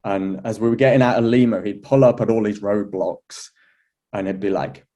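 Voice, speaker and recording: A man, an astrology teacher, telling a personal story in a relaxed, chatty way, with many fillers, restarts and an occasional laugh. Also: lowish voice, moderate pace. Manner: laughs now and then. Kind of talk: relaxed anecdotal talk.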